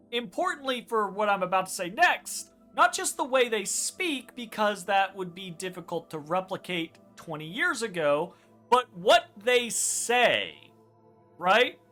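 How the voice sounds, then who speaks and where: A woman co-hosting a let's play, chatting casually with emphatic, animated delivery and some swearing. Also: mid-range voice. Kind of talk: casual chat over gameplay.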